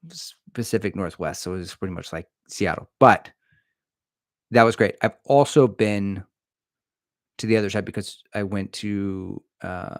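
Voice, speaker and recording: A man's voice: on the low side, measured pace, no room sound, studio quality. A middle-aged man hosting a casual livestream, rambling and joking as he reads viewer comments aloud. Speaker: livestream host answering chat. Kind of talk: casual live-stream chat.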